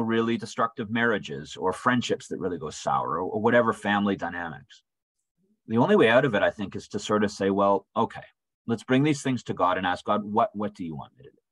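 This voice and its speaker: A man's voice: fairly low pitch, husky, no room sound, poor audio. A man leading a church Bible study in a conversational way, often asking "right?" and acting out quoted voices. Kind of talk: informal Bible study teaching. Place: church room.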